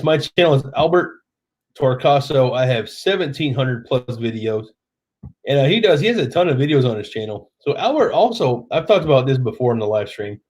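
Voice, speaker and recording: A man's voice: mid-range voice, a little mellow. A middle-aged man from Oklahoma with a Southern accent, a bit tipsy, hosting a casual late-night live stream from home and reading viewer comments aloud. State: tipsy from drinking.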